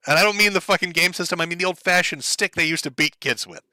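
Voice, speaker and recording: A man's voice: high-pitched, fast talker, pushed and bright, dry recording. A man giving sarcastic, mocking commentary on a clip he is watching. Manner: sarcastic, mocking, breaks into laughter.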